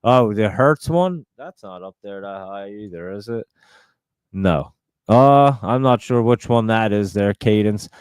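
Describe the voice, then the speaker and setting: A man's voice: fairly low pitch, lively intonation, unhurried, darkish tone, clear, resonant tone, no room sound, clean studio sound. A man hosting a live stream, chatting casually and rambling as he reads out and answers viewer comments.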